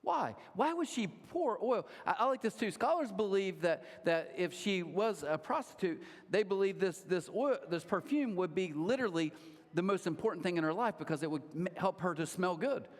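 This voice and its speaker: A man's voice: high-pitched, moderate pace. Man preaching in a reverberant church hall. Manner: conversational storytelling, animated asides. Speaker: pastor. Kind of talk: sermon. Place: large church auditorium.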